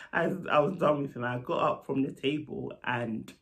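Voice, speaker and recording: Man, vlog storyteller, gravelly mid-range voice, lively asides. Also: mid-range voice, normal speed. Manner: animated, lively retelling with asides. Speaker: storytelling vlogger; nurse.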